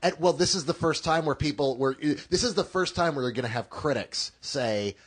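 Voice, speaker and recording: A man's voice: fairly high pitch, normal speed, husky. A male podcast reviewer talks through a movie in loose, rambling chat. He stalls on fillers and restarts, then slides into wry jokes. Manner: rambling, hesitant, joking.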